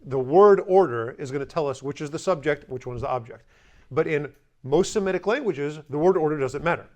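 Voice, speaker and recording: A man teaching a language class, explaining grammar in a conversational way and slowly repeating example words. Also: on the high side, darkish tone. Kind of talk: classroom lesson.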